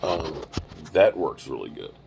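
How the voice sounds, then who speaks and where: Tired deep-voiced man in his fifties. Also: a little slow, noisy background. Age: 50s. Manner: rambling, tired, heartfelt. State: tired, yawning. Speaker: live streamer. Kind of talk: casual live-stream talk. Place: on the road, mobile setup. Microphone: microphone with small mixer.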